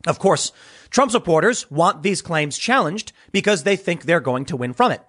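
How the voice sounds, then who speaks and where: A man's voice: fairly high pitch, expressive, moderate pace, fairly bright tone, slightly rough. A man hosting an opinionated political commentary show, talking emphatically and repeating words as he pushes his point.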